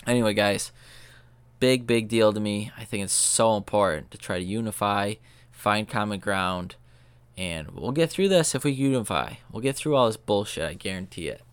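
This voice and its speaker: Brief: young male podcast host, low voice, smooth and resonant, rambling and profane. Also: normal speed, dry recording. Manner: loose, profane, filler-heavy talk. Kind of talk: casual rambling storytelling.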